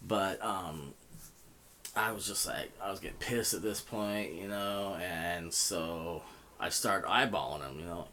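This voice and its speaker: Low-voiced man telling a rambling profane story. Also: unhurried, pushed and bright, slight background noise. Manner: profane, rambling, heavy with fillers. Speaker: vlogger. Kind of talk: casual storytelling.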